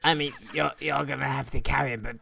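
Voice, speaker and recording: A man's voice: mid-range voice, fairly even intonation, fast, gravelly, pushed and bright. A man playing a tabletop game who jokes, swears freely and stammers over his words. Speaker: player. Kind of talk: casual tabletop game chat.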